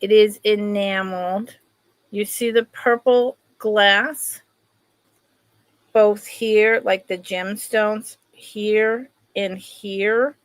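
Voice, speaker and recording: A woman's voice: medium pitch, steady tone, very slow, dry recording. A woman hosting a casual live-stream sale, chatting with viewers by name while she shows pieces. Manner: chatty, greets viewers by name, talks while handling items.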